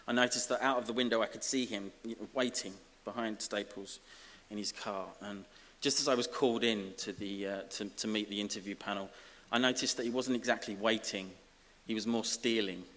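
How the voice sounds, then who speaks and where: A man from giving a self-deprecating, comic acceptance speech as an honorary graduate, halting over fillers. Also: lowish voice, a bit bright. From Essex, England. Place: large ceremony hall. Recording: reverberant hall with faint hiss.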